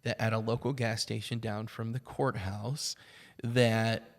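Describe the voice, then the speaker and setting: A man's voice: fairly low pitch, flat delivery, unhurried, long reverb tail. A man co-hosting a church podcast, telling a personal story in casual conversation, rambling along with plenty of fillers.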